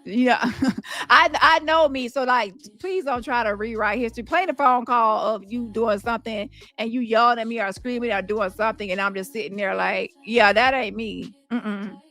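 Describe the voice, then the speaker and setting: Blunt cussing woman host, high bright voice, faint music behind. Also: normal speed. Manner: blunt, profane, animated, laughs often. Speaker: commentary host. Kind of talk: casual commentary reading messages aloud.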